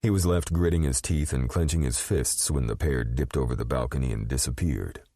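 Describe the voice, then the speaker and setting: A man narrating an audiobook in a measured, expressive storytelling manner. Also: extremely low pitch, no echo, clean studio sound.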